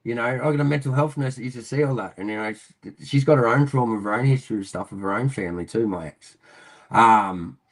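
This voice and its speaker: An Australian man in his thirties, guest on an interview, speaks at an ordinary middle pitch. He rambles loosely, leans on "um" and "mate", and swears casually as he talks. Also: quick pace, low-quality recording. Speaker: interview guest, army veteran.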